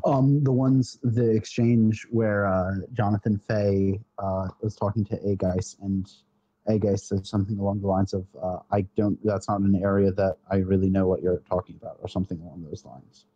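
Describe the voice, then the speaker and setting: Male call guest, mellow and low, measured and hesitant, dull lo-fi line. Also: fairly even intonation, dry recording. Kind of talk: casual livestream chat. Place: online voice call.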